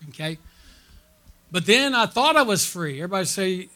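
At a conference, a male pastor tells stories in his sermon and draws call-and-response from the congregation, frequently checking with "okay?" and "amen?" His high-pitched voice is expressive, pushed, and bright, at a moderate pace.

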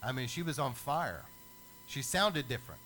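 Man, preacher, storytelling sermon, animated, average pitch, faint hum behind. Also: normal speed, poor audio. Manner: lively storyteller who acts out the people in his stories.

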